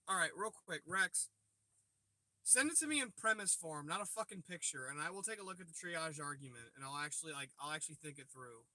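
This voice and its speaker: Using a phone propped on the dash of his car, parked by a river at night, a man livestreams casual chat full of profane jokes and banter with viewers. His voice runs on the high side, pushed and bright, with no room sound.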